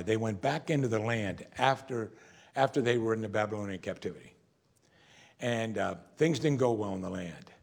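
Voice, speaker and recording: A man preaching a sermon as a pastor, earnest, often dropping to a soft voice for quoted words. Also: lowish voice, creaky, slightly rough.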